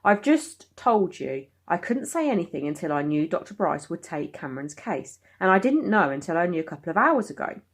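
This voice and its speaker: A woman's voice: fairly low pitch, sing-song, a little fast, hardly any pauses, slightly rough, exaggerated voice. A woman reading aloud, voicing a defensive, pleading father in a storybook who talks earnestly.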